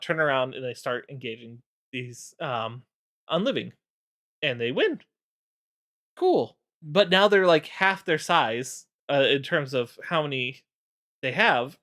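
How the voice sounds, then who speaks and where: A man's voice: mid-range voice, lively intonation, unhurried, sharp tone. A man streaming, casually recapping game lore with lots of fillers.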